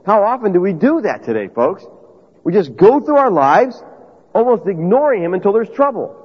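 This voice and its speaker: A man's voice: high voice, sing-song, moderate pace, husky. A man preaching a sermon in an emphatic, conversational way, putting questions to his listeners. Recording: dull lo-fi audio with long reverb.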